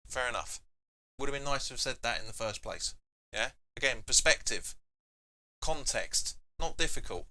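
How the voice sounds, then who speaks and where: Chatty fan, bright voice. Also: male voice, mid-range voice, lively intonation, moderate pace. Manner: chatty, reading chat comments aloud, bursts of shouting at the match. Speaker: fan channel host. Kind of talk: live football watch-along chat.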